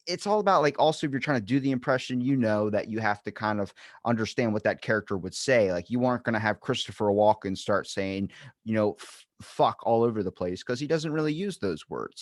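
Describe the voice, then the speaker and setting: A man's voice: on the low side, dry recording, clean studio sound. A young man hosting a podcast, chatting casually, rambling and joking, swearing freely. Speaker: podcast host.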